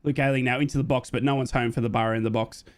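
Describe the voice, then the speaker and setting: A young Australian man giving live play-by-play football commentary while chatting with viewers, jumping high and quick when excited. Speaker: fan watchalong commentator.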